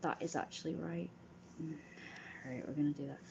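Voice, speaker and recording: Woman livestreaming, kinda low voice, goofy royal bit, rambly and sweary. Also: steady tone, brisk, gravelly, highs cut off, noisy background. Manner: jokey, rambling, swears casually, answers chat aloud. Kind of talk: casual livestream chat in a playful royal persona.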